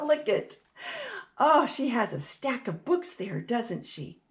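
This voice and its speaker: Speaking slowly in a slightly high voice, a woman hosts storytime for children. She reads a rhyming picture book in a lively, animated way and puts questions to the kids.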